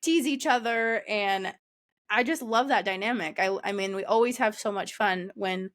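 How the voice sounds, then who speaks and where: A woman's voice: medium pitch, moderate pace, a bit bright. A young woman co-hosting a podcast, chatting casually with many fillers and frequent laughter. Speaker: podcast co-host. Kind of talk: casual chat.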